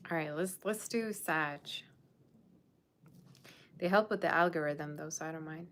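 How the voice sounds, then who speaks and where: With a deep but fairly bright voice, this young woman speaks a little slowly while hosting her tarot livestream, and slight background noise is audible. She banters casually, teasing her chat with plenty of sass.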